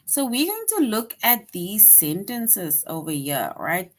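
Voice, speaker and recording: Slow-speaking patient female teacher. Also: mid-range voice, sing-song. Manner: patient, repeats "right?" after each point. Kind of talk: online grammar lesson for young children.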